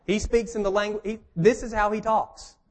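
A man's voice: sits high, level tone, moderate pace, a little mellow. A man preaching a conversational sermon, joking and emphatic as he teaches. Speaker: pastor.

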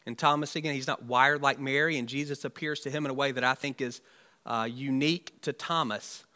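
A man's voice: medium pitch, steady tone, fairly quick, bright, forceful tone. A man, a pastor, preaching an Easter sermon in a conversational, musing way with rhetorical asides.

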